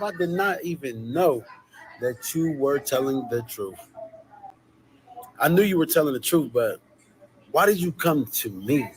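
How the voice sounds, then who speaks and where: A man's voice: fairly high pitch, animated, unhurried, long pauses, a little hiss or hum, rough recording. Man, casual direct address, blunt, incredulous, repeats himself.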